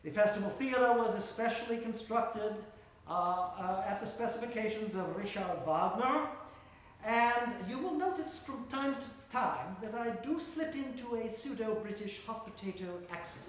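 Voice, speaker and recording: A man hosting a comic music lecture before a live audience, delivering dry, deadpan asides. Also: high voice, normal speed, distant mic. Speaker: host of a music comedy lecture. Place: concert room with a live audience. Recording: echoey room recorded from afar.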